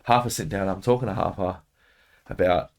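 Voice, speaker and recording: Aussie guy on a podcast, lowish voice, rambling story full of swearing. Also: brisk. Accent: Australian. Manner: profane, animated, swears constantly. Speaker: podcast guest. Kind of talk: casual storytelling chat.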